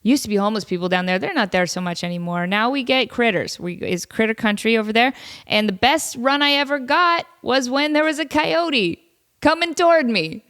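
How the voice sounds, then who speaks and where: A woman's voice: fairly high pitch, expressive, brisk, a bit bright. A woman hosting a casual solo podcast from home, chatty and self-deprecating, with a cold. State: has a cold, sniffly. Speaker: podcast host.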